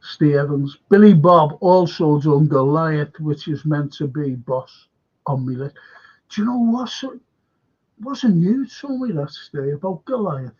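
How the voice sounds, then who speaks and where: Man hosting a live stream, husky and fairly high-pitched, casual and rambling, dull lo-fi stream audio. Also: expressive, a little slow, darkish tone. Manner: meandering, often drops to a near-whisper. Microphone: webcam or desk mic on a live stream.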